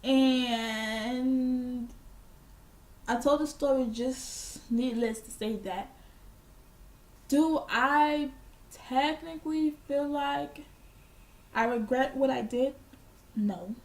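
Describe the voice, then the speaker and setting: A woman's voice: sits high, drawn-out words, long pauses, darkish tone. A young woman vlogger telling a casual storytime, blunt and profane, proudly petty and unbothered. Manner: boastfully petty.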